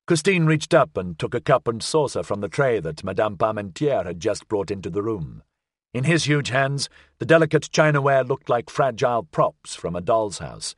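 A man reading a novel aloud as narrator, measured and expressive. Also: mid-range voice, dry recording, clean studio sound. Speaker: audiobook narrator. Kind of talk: scripted narration.

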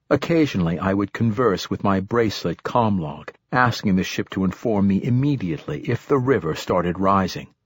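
Man, audiobook narrator, deep voice, husky, measured reflective reading, dry close recording. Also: no echo. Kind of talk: scripted first-person narration.

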